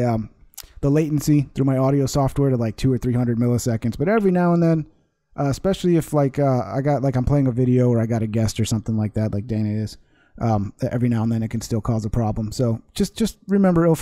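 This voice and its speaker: A man chats casually on a live stream, rambling, laughing often and reading viewer comments aloud. His voice is mellow and dark, recorded close and dry, at an ordinary middle pitch. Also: no echo. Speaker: livestream host.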